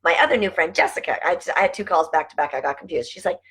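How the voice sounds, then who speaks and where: A woman's voice: fairly low pitch, lively intonation, very fast, a bit bright, slightly rough, poor audio. A middle-aged woman talking casually to camera, chatty and rambling, laughing often as she goes off on asides. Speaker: vlogger and network marketing team leader.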